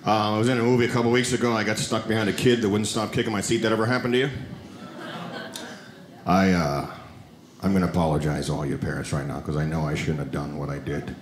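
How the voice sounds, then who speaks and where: A man doing a stand-up comedy set on a club stage, telling stories with animated delivery and high shouted quotes. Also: fast, reverberant, noisy background. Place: comedy club stage before a live audience.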